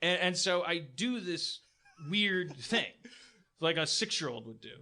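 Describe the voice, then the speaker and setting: Profane, stammering comic storyteller, high-pitched man. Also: sing-song, a little slow, bright, forceful tone. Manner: profane, self-deprecating, stammering restarts. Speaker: podcast host. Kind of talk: comic storytelling on a live podcast.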